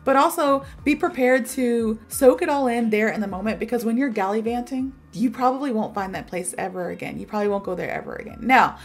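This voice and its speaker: A woman explains a vocabulary word in a chatty, animated style, rambling through stories. Her voice sits a little high. Soft music plays faintly behind her. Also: slightly rough. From American South. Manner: chatty, animated storytelling with many fillers. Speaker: English teacher. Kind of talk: casual video lesson.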